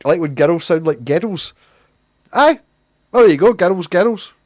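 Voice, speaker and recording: A man's voice: high-pitched, lively intonation, a little slow. A young Scottish man with a Glaswegian accent, chatting casually and rambling on a livestream, swearing freely. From Scotland. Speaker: livestream host.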